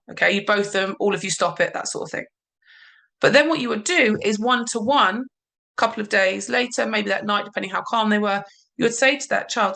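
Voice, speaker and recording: A woman parenting coach explaining calmly in a podcast conversation, sometimes voicing what a parent or child might say. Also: medium pitch. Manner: calm, explanatory, acts out parent and child lines.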